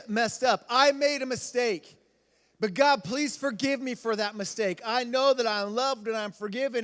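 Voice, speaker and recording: A man's voice: sits high, a bit bright. A youth pastor in his thirties, giving a casual, conversational sermon and acting out quotes in voices. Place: church hall. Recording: long hall reverb.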